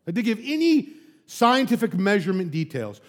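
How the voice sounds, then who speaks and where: High-voiced, emphatic preacher man. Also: moderate pace. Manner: emphatic, animated preaching with sudden loud peaks and soft drops; casual asides and rhetorical questions. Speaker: pastor. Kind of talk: sermon.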